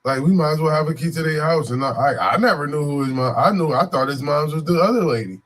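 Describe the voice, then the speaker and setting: A man from Buffalo, New York, tells a story casually with a voice a little higher than most men's. He rambles and loops back on himself, leaning on frequent fillers. His delivery is loose and animated. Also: fast. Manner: animated, digressive, frequent "you know what I'm saying" fillers.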